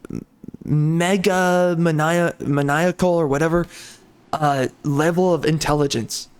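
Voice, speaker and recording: A man hosting a gaming channel, ranting angrily and profanely over gameplay, agitated and repeating himself as he stumbles over words. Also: a little high. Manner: angry, profane, stammering repetitions. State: agitated, seething.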